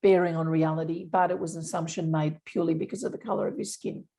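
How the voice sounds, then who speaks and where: A woman speaks as an interview guest, her voice mellow and warm-toned. She explains her points earnestly, stressing key words with conviction. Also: on the low side, fairly even intonation, quick pace, vocal fry. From Australia. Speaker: unconscious bias specialist. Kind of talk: interview conversation.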